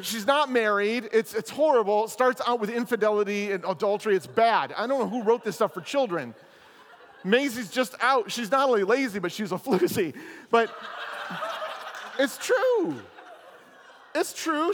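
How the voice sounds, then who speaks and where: A man preaching a sermon at a leadership chapel, animated and playful, telling a story with jokes and asides. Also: very high voice. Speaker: pastor. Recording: long chapel reverb.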